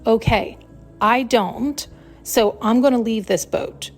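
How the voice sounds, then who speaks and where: A woman's voice: a little high, slow pace, soft background music. A woman hosting a podcast, talking in a rambling, blunt, casual self-help monologue and swearing freely. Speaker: podcast host.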